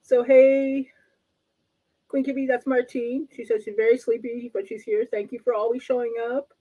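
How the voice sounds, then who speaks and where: High mellow-voiced canadian woman, coach co-host, wry and blunt, kinda muffled audio. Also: flat delivery, normal speed. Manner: wry and laughing, politely blunt. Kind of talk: casual relationship talk.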